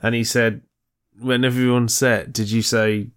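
A man's voice: medium pitch, flat delivery, unhurried, clean tone. A man in casual chat, chiming in with wry jokes and questions. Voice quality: wry, joking interjections.

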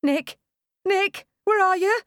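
Frantic mother in labour, screeching and high, read by a woman, dry close recording. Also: very animated, moderate pace, no echo. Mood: panicked, shrill. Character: panicked young woman in hard labour.

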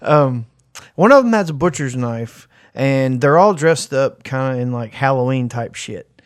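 A man's voice: medium pitch, animated, measured pace, no room sound. A man co-hosting a casual podcast, telling crude stories in a dry, drawling way. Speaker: podcast co-host.

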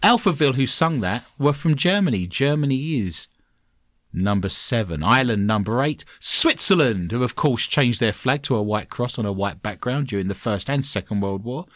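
A man with an English accent hosting a podcast, chatting in a joking, animated way. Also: mid-range voice, moderate pace, no room sound, studio quality. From England. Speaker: podcast host. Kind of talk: casual podcast chat.

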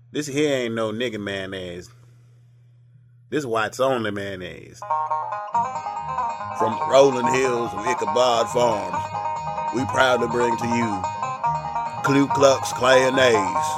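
Guy putting on a farmer, drawly and folksy, music playing under him. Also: on the low side. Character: gruff southern white male mayonnaise farmer.

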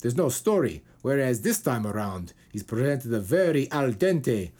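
A man hosting a casual podcast, rambling with lots of fillers and quick put-on quotes. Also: mid-range voice, big pitch swings, darkish tone. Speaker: podcast host.

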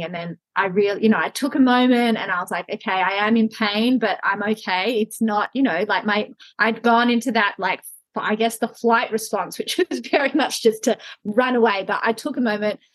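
A woman co-hosting a parenting podcast, telling animated stories and laughing often. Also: mid-range voice, fairly quick, dry recording, low-quality recording. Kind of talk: casual conversational podcast chat.

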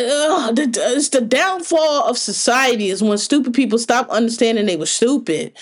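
A woman's voice: fairly high pitch, expressive, moderate pace, few pauses. A woman hosting her own podcast, ranting alone in a blunt, profane, exasperated way. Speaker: podcast host. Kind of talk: solo opinion podcast rant.

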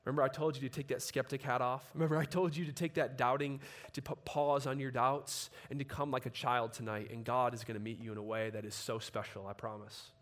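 A man preaching a sermon, telling stories in a relaxed conversational way and building to emphatic passages. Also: medium pitch, a little fast. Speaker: pastor.

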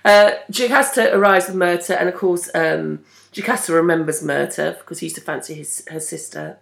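A woman's voice: lowish voice, a little fast, gravelly. A woman co-hosting a podcast, chiming in with dry quips while recapping a TV episode. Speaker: podcast co-host. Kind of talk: casual chat recapping a TV episode.

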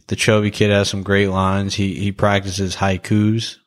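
A man's voice: low voice, monotone, unhurried. A young man chatting casually about a movie he watched, rambling with lots of fillers, restarts and laughs. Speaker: podcast co-host reviewing a movie. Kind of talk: casual chat.

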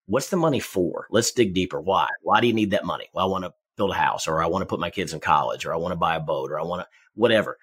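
Husky guy talking fast, a bit low-voiced, chatty sales coach who repeats himself. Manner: energetic, repeats words, speaks in quick bursts. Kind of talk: conversational advice, storytelling.

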